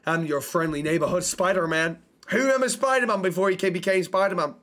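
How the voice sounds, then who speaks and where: A man's voice: sits high, fast talker, fairly bright tone. A young man streaming a role-play game, chatting casually and swearing freely. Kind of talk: casual role-play and chat shout-outs.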